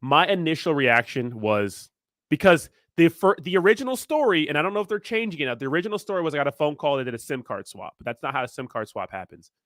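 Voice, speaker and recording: Young male streamer, slightly high voice, dry close mic, ranting and fired up. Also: lively intonation, fast talker, a bit bright, dry recording. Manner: fired-up, ranting, heavy filler "you know what I mean". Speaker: crypto livestream host. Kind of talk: live stream chat, reacting to viewers.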